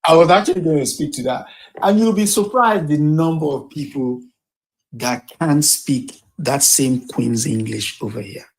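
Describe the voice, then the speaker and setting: A speaker chatting casually with quick affirmations and frequent laughter. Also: mid-range voice, creaky. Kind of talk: casual chat.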